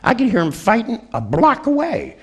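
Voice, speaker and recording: An older man telling a story to an audience, animated and profane, acting out the people in it and laughing at his own tale. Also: extremely high pitch, moderate pace, husky. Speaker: speaker telling a therapy story.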